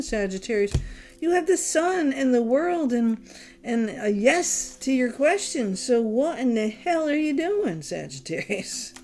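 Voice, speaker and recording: Woman, tarot reader; exasperated, blunt, swears; warm low tone. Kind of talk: casual tarot reading. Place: home, candles lit.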